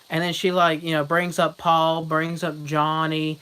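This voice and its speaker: Over soft background music on a rough recording, a young vlogger addresses viewers directly with a string of loose anecdotes, laughing at his own jokes. His voice sits on the high side, clean-toned, bright and forward, yet mostly flat and moderately paced between bursts of loud mocking impressions.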